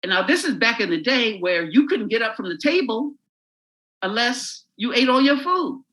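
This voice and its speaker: A man, a comedian, telling a crude, animated story while chatting as a podcast guest. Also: extremely high pitch, moderate pace, rough recording.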